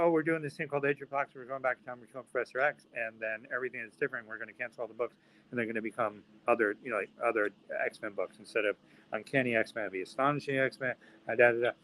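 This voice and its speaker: A man of middle pitch tells his story as an interview guest. He jumps into the voices of the people he quotes, pushing his pitch up as he does. He laughs easily along the way. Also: a bit bright, rough recording. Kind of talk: anecdote in interview.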